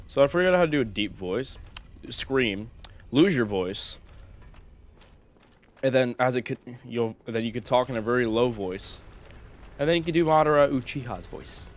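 A man's voice: medium pitch, lively intonation, moderate pace, long pauses. A man giving casual let's-play commentary, rambling and swearing as he talks to himself. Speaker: gameplay streamer.

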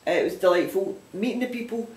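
A man's voice: sits high, fairly quick, darkish tone. A man with a broad Glaswegian accent who hosts a knitting podcast, rambling chattily and restarting his sentences in a casual vlog. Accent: Glaswegian Scottish. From Scotland. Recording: roomy echo.

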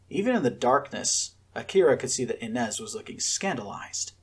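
A man narrating a fiction chapter with expressive storytelling. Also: mid-range voice, moderate pace, hardly any pauses, slightly rough. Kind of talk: audiobook fiction reading.

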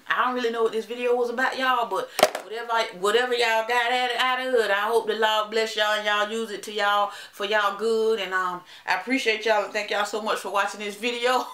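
A woman's voice: mid-range voice, steady tone, fairly quick, pushed and bright, reverberant. A woman with a Southern US accent chatting dramatically to her viewers in a hair vlog. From Alabama. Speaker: hair vlogger. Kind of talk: casual vlog chat.

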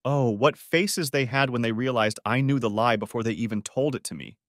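A man's voice: mid-range voice, brisk, no echo, clean studio sound, close to an everyday voice. A man voicing a betrayed husband who speaks in a weary, bitter and self-mocking way in an audiobook. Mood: bitter recounting. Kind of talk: audiobook character voice.

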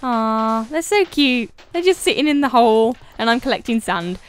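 A woman's voice: fairly high pitch, lively intonation, normal speed. A woman co-hosting a gaming video in casual chat, giggly and playful with a sing-song way of talking.

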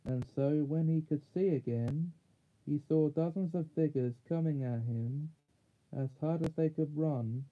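A man reading a children's fantasy chapter book aloud in a measured way, now and then correcting small slips. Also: a little high. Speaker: audiobook reader. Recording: tinny phone-like sound.

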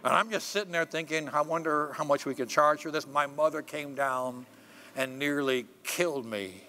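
Older male pastor, animated sermon storyteller; bright, slightly high voice with big swings in volume. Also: moderate pace, slight background noise. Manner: animated storytelling, swings between loud preaching and hushed asides. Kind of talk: sermon with personal stories. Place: church sanctuary.

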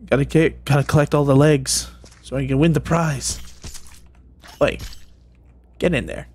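A man's voice: on the high side, steady tone, a little slow, a little mellow. A man giving playful, rambling gameplay commentary, tossing jokey mock-sinister asides at game characters. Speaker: gaming video creator.

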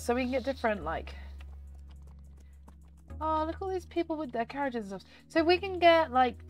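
A woman chatting excitedly through gameplay commentary, her voice nasal and slightly hoarse. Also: a little high. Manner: chatty and excitable, talking to viewers. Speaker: gaming channel host.

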